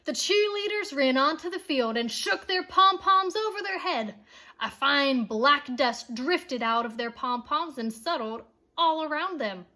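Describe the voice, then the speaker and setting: A woman reads a children's chapter book aloud in an expressive, playful way, adding asides to her listeners. Her voice sits high and her pace is measured.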